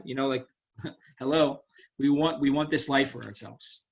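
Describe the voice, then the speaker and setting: A man's voice: medium pitch, moderate pace, slightly rough, dull audio. A man teaching a Torah lesson as a rabbi, explaining verses in a casual, storytelling way with frequent asides. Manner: casual, animated storytelling with frequent "right?" and "you know".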